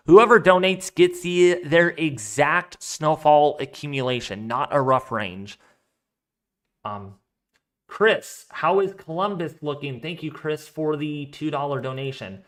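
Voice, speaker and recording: A man talks his way through a casual weather live stream, rambling and thinking out loud as he answers viewers. His voice sits a little on the high side and comes through smooth and clear. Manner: chatty and rambling, thinking aloud. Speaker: weather livestream host. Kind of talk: casual live-stream chat reading donations.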